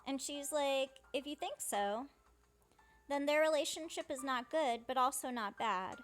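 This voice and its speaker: A woman's voice: high-pitched, measured pace, fairly bright tone, faint music behind. A woman casually narrating a game playthrough, paraphrasing characters' lines in a chatty way. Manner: chatty, paraphrases dialogue with "she's like". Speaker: fan dubber playing through a game.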